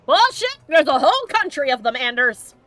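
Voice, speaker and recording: A woman's voice: sits high, very animated, normal speed, a bit bright, faint music behind. A woman playing a video game for a let's play, chatting casually, giggling and exclaiming often. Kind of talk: casual gameplay chat.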